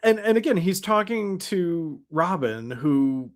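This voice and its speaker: A man's voice: high voice, animated, slow. A man co-hosting a podcast in casual chat, making critical points with stammered restarts. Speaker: podcast co-host.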